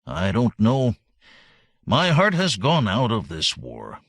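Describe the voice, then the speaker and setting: Tentacled alien warlord, slobbering and sorry for himself, gravelly, swings wide , read by a man. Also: lowish voice, wildly swooping pitch, takes it slowly, a bit bright, dry recording, heavily acted. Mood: gloomy. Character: gloomy slobbering tentacled male alien commander.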